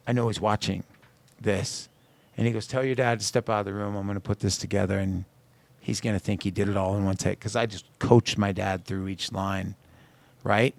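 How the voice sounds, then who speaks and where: Low gravelly man telling stories. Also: no room sound. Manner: animated storyteller acting out quoted dialogue. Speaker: singer-songwriter guest. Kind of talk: radio interview storytelling. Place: radio studio.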